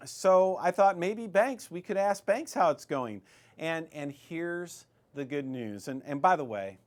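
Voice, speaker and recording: A middle-aged man hosting a radio show, talking casually and with animation, often restarting his sentences. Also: a little high. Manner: chatty and animated, with frequent restarts.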